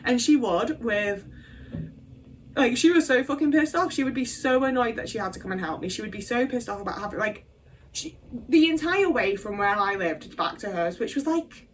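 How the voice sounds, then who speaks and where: A woman's voice: a little high, expressive, moderate pace, recorded from a distance, a little hiss or hum. Blunt, sweary woman telling her story. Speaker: video creator. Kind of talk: candid storytime.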